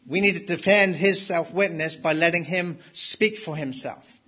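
A man's voice: fairly high pitch, moderate pace, bright, forceful tone. A man preaching a sermon in an emphatic way, repeating key words for stress.

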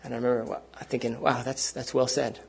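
A man's voice: mid-range voice, level tone, fast talker, gravelly, a little hiss or hum. A man preaching a sermon to a gathered congregation in an earnest, conversational way.

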